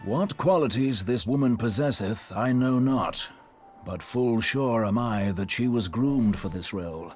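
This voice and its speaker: An actor playing a solemn scholarly man in a game, speaking formal archaic English in a grave, measured way. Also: mid-range voice, darkish tone, soft background music, close to an everyday voice. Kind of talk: game voice acting.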